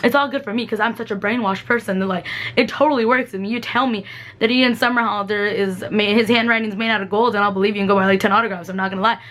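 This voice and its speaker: A woman's voice: mid-range voice, steady tone, fast, fairly bright tone. A woman in her twenties telling a rambling story for her vlog. She mocks herself, giggles, and acts out the people she quotes with shifts in voice. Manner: giggly, self-mocking. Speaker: vlogger.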